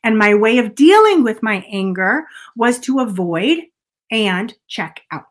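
A middle-aged woman coaching viewers on emotional eating, talking earnestly and putting direct questions to her listeners. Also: medium pitch. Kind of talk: motivational talk to viewers.

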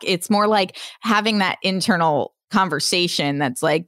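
A woman with a lowish voice talks candidly in a relaxed podcast chat, laughing often and swearing without a second thought. Her voice sits close and dry on the mic, with no room sound around it. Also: moderate pace, few pauses, no room sound. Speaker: podcast host. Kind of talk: casual chat.

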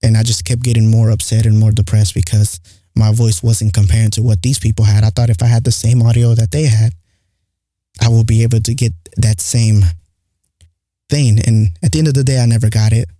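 A young man with an accent talks on his podcast in a loose, rambling monologue, leaning on "like" as he goes. His voice is very dark and mellow. It is recorded close and dry. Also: on the low side, flat delivery, fairly quick, dry recording. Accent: non-standard English accent. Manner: rambling and candid, heavy use of "like". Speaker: podcast host. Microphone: studio mic close up.

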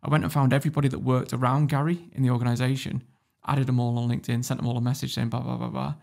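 Racing through a casual story as a podcast guest, this entrepreneur speaks in a mid-range, level, creaky voice with a darkish tone. He's blunt, swears a lot, and laughs throughout.

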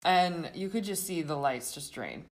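A woman's voice: deep voice, moderate pace. A woman co-hosting a podcast, recapping a show in casual chat, laughing often and acting out quotes. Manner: giggly, animated storytelling with quoted asides. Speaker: podcast co-host.

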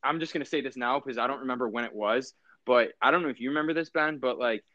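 A man's voice: mid-range voice, fast talker, bright, forceful tone, no echo. A young man telling rambling, profane stories in a casual chat. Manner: rambling, profane, laughs mid-story. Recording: dull, dry.

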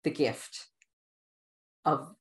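A middle-aged woman with a Queens, New York accent, telling animated stories as an interview guest and laughing often. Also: drawn-out words. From New York, USA. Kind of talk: casual interview storytelling.

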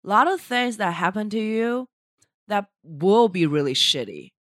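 A woman comedian chatting casually on a podcast, blunt and animated, with somewhat non-standard phrasing. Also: medium pitch, a little slow, no room sound, clean studio sound. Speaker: comedian guest. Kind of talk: casual chat.

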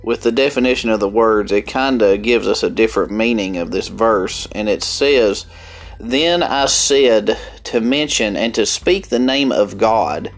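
A man preaching with a country accent, unhurried and earnest, dwelling on each word before pushing into emphatic lines. His voice sits at an ordinary middle pitch, and soft music plays faintly underneath. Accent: Southern US country. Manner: earnest, deliberate, breaks into emphatic bursts. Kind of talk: Bible study sermon.

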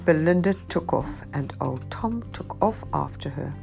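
Female storyteller reading a picture book aloud, gravelly low voice, sing-song delivery. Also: lively intonation, a little slow, darkish tone, soft background music.

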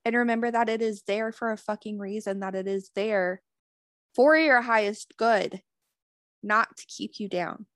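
A woman's voice: mid-range voice, a little slow, fairly bright tone, no echo, studio quality. A woman giving a motivational self-help talk as a spiritual wellness host, earnest, swearing freely and repeating affirmations.

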